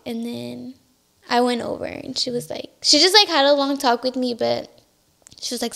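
A young woman telling her story as a guest in a casual interview, soft-spoken and emotional, tearful at times, with many fillers. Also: high-pitched, steady tone, a little fast, gravelly. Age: young adult.

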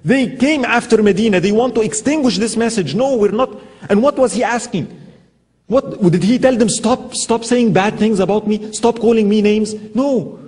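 A man delivers a sermon talk in a fairly high but mellow voice. He tells stories and throws out emphatic rhetorical questions to his listeners. His voice carries a long reverb from a lecture hall. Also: normal speed. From Egypt. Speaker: Islamic speaker.

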